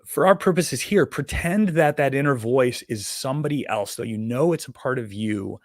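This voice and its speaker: A man leading a guided meditation, talking slowly and calmly with soothing instructions and pauses. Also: medium pitch, no room sound, studio quality.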